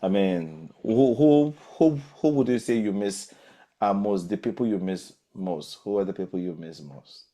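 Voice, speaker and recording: A man hosting a podcast and interviewing children, often pausing and repeating his questions in new words. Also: lowish voice, warm tone. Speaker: podcast host.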